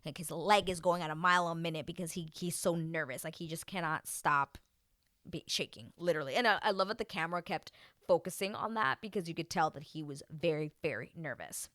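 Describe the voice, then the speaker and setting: A woman with a low-pitched voice talks fairly quickly, casually recapping a reality TV show for her vlog. Animated and chatty, she acts out quotes in put-on voices, and the recording is dry.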